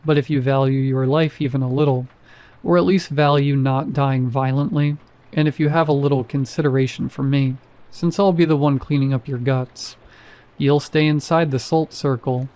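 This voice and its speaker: A man voicing an apathetic male night security guard who speaks in a flat, bored monotone. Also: mid-range voice, moderate pace, lightly acted. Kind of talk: horror story narration.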